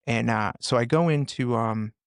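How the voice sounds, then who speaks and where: A man in his forties, a former first responder, candidly retelling hard experiences on a podcast with intense, animated delivery. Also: mid-range voice, moderate pace, no echo, clean studio sound. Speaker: podcast guest, former police officer and firefighter. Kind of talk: candid personal storytelling.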